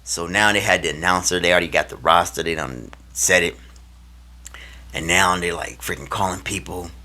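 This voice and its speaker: A man casually telling a personal story to camera, animated and slangy, acting out the lines he and others said. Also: low voice, moderate pace. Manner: animated, acts out his own and others' quoted lines; slangy, loose phrasing with many fillers.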